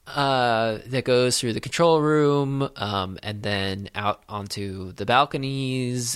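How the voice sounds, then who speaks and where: A man co-hosting a podcast, chatting casually about a film with dry sarcasm and many halting fillers. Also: medium pitch, fairly bright tone, clean tone, no echo. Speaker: podcast co-host.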